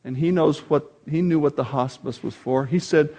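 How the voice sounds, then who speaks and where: An older man preaching a sermon as pastor, telling stories with animated delivery and acting out voices. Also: on the high side, normal speed, hardly any pauses. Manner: animated storytelling, acts out voices; quotes scripture with rising force.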